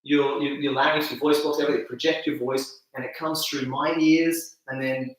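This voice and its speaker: A man's voice: mid-range voice, fairly even intonation, normal speed, heavy reverb, recorded from a distance, poor audio. A man explaining on-camera video tips as an interview guest, acting out reactions with gasps and laughs. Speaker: video campaign founder, guest.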